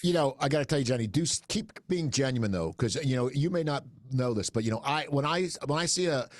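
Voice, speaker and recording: A man's voice: medium pitch, fast, dry recording. A man hosting a podcast in a recording studio, chatting casually and joking with his guests. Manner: lively, jokey, mimics others. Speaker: podcast host. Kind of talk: casual interview chat.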